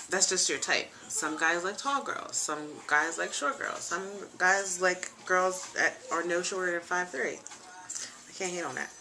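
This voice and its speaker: A woman's voice: on the low side, sharp tone. A young woman hosting her own casual web show from a chair at home, chatty, frank and joking, with plenty of ums and asides. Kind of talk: casual chat. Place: home room, seated in a leather chair.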